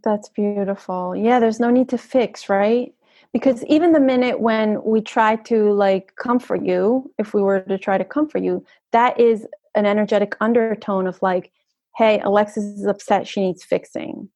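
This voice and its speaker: A woman energy coach, guesting on a conversational podcast, speaks in a flowing, earnest way and keeps checking in with "right?". Her voice is medium-pitched with a dark tone, at normal speed, with no room sound.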